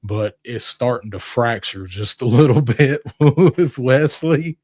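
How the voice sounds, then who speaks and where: A man's voice: mid-range voice, fairly even intonation, takes it slowly, a little mellow, dry recording, studio quality. A man co-hosting a casual toy show podcast, talking in a loose, rambling way with frequent restarts and fillers. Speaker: co-host.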